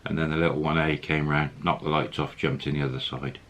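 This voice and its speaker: A man's voice: a bass voice, little pitch movement, a little fast, fairly bright tone. A man telling a story casually, rambling with fillers.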